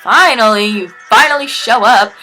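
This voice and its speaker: A brash, mocking young fighter from a game, talking in a bright valley-girl drawl, as a woman reads her aloud. The voice sits high above her usual pitch and comes out loud and sharp. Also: normal speed, faint music behind, poor audio. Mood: taunting.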